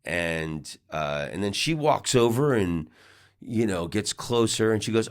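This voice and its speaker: A man's voice: on the low side, lively intonation, measured pace. A middle-aged man, a comedian, telling a rambling casual story with lots of restarts and fillers. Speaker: comedian and podcast host.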